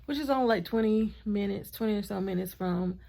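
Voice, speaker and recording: Woman vlogger doing a chatty storytime, gravelly fry in her voice. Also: mid-range voice, brisk. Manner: chatty, animated storytelling with asides to her partner. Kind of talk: casual storytime vlog.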